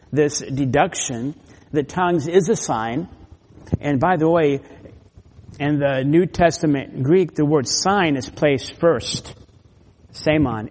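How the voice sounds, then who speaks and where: A man preaching an expository sermon, explaining scripture verse by verse and pressing hard on key points. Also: on the high side. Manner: emphatic, rising loud on key points, repeats words. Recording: long hall reverb.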